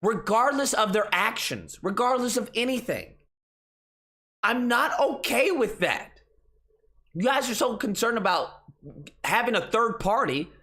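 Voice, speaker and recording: Male commentary host, lively pitch, exasperated and profane, mocking tone. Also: a little slow, long pauses. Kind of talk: casual ranting commentary.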